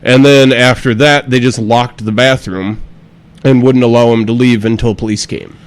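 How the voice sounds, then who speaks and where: A man in easy podcast conversation, reading a story aloud with plenty of "uh"s before breaking off to riff on it. His voice sits at an ordinary middle pitch, and he swears freely and laughs often. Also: fairly even intonation, moderate pace, rough recording. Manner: profane and joking, laughs often, reads with fillers. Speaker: podcast host.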